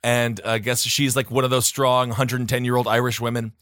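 A man co-hosting a podcast in casual comedic chat, animated and joking as he reads stories aloud. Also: medium pitch, a little fast, no echo, studio quality. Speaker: podcast co-host.

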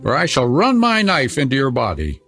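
A man voicing a fierce, bossy little robber girl who speaks in a brisk, commanding way. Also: mid-range voice, huge pitch swings, a bit bright, soft background music, pitched above the performer's own voice.

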